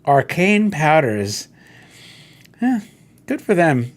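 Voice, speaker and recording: A middle-aged man talks on his own as host, rambling from one story to the next in a loose, chatty way. His voice sits a little high and swings up and down with lively energy. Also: takes it slowly. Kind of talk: casual solo chat while browsing toy listings.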